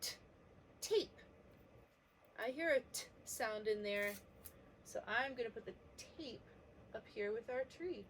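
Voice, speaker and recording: A woman teaching a preschool letter lesson, gently sounding out each letter for young children. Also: fairly high pitch, moderate pace, slight background noise.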